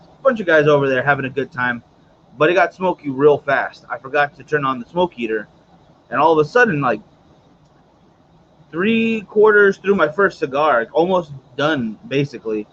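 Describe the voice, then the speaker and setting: A man's voice: mid-range voice, a bit bright, dull audio, a little hiss or hum. A man hosting a casual cigar livestream, chatty and rambling, with many fillers and asides to his viewers. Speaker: host of a cigar morning show.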